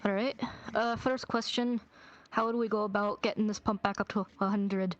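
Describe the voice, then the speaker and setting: Flat-toned woman playing a tabletop game. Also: medium pitch, normal speed, lo-fi sound, crowd noise. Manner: methodical, asks questions step by step. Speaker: player. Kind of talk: casual tabletop play.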